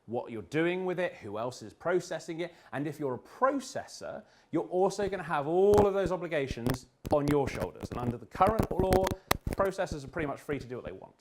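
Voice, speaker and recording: A man from the UK giving a humorous business presentation to an audience in an event room, with quick jokes and restarts. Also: a little high, expressive, a little hiss or hum. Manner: joking, quick asides, restarts. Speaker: speaker at a business talk.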